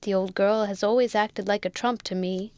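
A woman's voice: mid-range voice, fairly even intonation, normal speed, darkish tone, smooth, no echo, lightly acted. A woman voicing a big, sulky guardsman husband who blusters and stammers, in a storybook reading. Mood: flustered.

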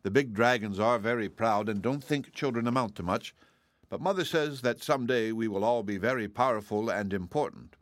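A man voicing a proud, hungry young dragonette in an audiobook, speaking in a rasping, formal drawl. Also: medium pitch, normal speed, no echo, studio quality, natural voice. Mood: haughty. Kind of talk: audiobook reading.

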